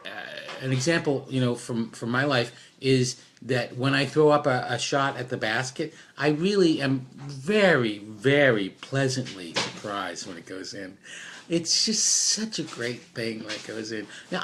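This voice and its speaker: A man's voice: medium pitch, lively intonation, a little slow, a bit bright, slight background noise. A middle-aged man at home giving casual life advice in a rambling, unscripted way, full of fillers and restarts and self-deprecating asides. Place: at home with his dog.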